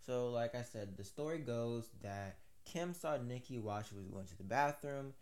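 A man's voice: mid-range voice, normal speed, a little mellow. A man hosting a casual commentary, recapping a story with rambling, chatty asides. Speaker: commentary host.

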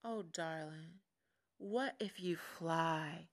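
Woman doing a soft, patient mother bird, lower, hushed, reassuring. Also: unhurried, vocal fry. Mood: tender.

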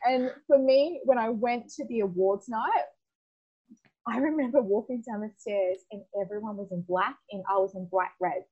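A young adult woman, a podcast guest, telling her story in casual, animated talk, acting out dialogue and often laughing. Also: on the high side, moderate pace, husky, lo-fi sound.

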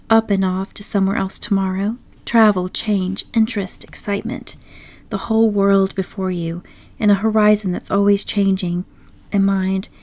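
A woman voicing a boastful, excitable male toad in an audiobook story, talking grandly and pushily. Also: medium pitch, natural voice. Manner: grandly enthusiastic, pushy.

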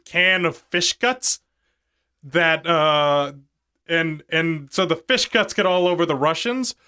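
A man with a somewhat high, bright and forceful voice talks through a movie plot with his co-host. He rambles, swears freely and keeps breaking into laughter. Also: slow, clean tone. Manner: rambling, profane, laughs often. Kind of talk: casual podcast movie recap.

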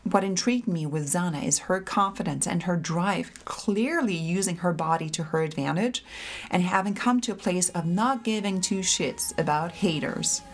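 Low-voiced woman introducing an episode. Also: normal speed. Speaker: podcast host introducing the episode. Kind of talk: episode intro over music.

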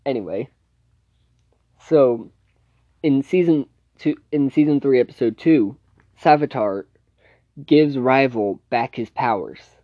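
Slow, rambling man recapping a show. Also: medium pitch, no echo, lo-fi sound. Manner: rambling, loose retelling full of "like" and self-corrections. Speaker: TV series reviewer. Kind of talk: casual unscripted plot recap.

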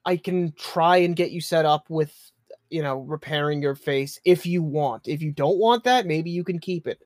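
A player stammering through apologies and plans at the game table, tripping over his words again and again. The voice sits at a middle pitch, recorded close and dry with no room sound. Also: moderate pace, no room sound. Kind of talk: tabletop role-play.

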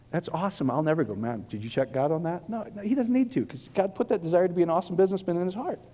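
A man preaching a casual, joking sermon, rambling and excitable, giddy from too little sleep. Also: sits high. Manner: rambling, excitable, long-winded. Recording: long reverb of a large hall.

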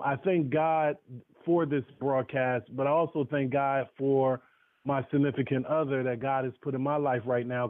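A man's voice: medium pitch, dry recording. A man telling a heartfelt story on a call-in broadcast, emotional and preacherly, with many restarts. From North Carolina. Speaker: guest speaker. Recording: tinny phone line, dry.

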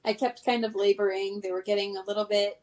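A woman's voice: mid-range voice, level tone, fast talker, darkish tone. A woman in her thirties, a podcast guest telling a story in casual chat, laughing often and using many fillers.

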